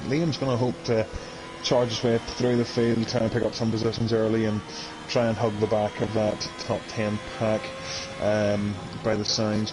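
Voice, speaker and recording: A man giving casual live commentary on an online sim race, chatty and quick to laugh. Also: on the low side, little pitch movement, background noise. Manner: chatty, laughs often, reads out viewer comments.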